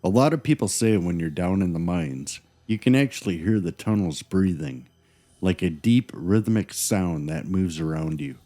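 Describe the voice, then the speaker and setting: A man's voice: low voice, animated, normal speed, warm tone. A man co-hosting a paranormal podcast, telling eerie stories with dramatic, teasing delivery. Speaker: podcast co-host. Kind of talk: scripted paranormal podcast chat.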